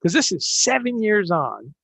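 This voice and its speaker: A male host chatting casually on a live stream, animated and full of restarts. His voice is a little higher than most men's, with a gravelly fry, and the sound is close and dry. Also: unhurried, no room sound. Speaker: podcast host. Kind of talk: casual interview chat.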